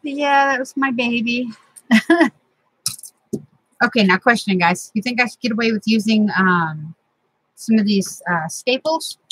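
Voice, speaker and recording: Chatty lady crafter, a bit husky, dry close sound, rambling on in her craft room. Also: fairly high pitch, a little slow, long pauses, fairly bright tone, no room sound, rough recording. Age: middle-aged. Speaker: crafting channel host. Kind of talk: casual craft vlog chat.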